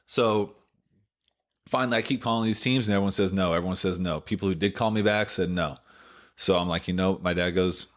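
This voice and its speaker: A man in his late thirties with a notably deep, low-pitched voice, telling a long personal story in a relaxed podcast interview. He rambles through it, stacking up "like" and "you know" and restarting his sentences as he goes. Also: a little fast. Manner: rambling, filler-heavy retelling full of "like" and "you know". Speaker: former baseball pitcher, podcast guest.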